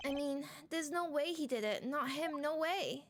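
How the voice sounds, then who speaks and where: A woman's voice: high voice, expressive, normal speed, a little hiss or hum. A woman streaming a game at home on a desk mic, chatting in a self-mocking way and reading the dialogue aloud. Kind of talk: casual let's play chat, reading game dialogue. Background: game music.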